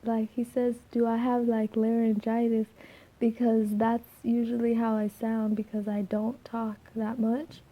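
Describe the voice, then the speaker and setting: Soft-spoken young woman, scratchy voice. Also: fairly high pitch, little pitch movement, unhurried. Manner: rambling, many fillers and restarts. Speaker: vlogger. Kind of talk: casual vlog chat.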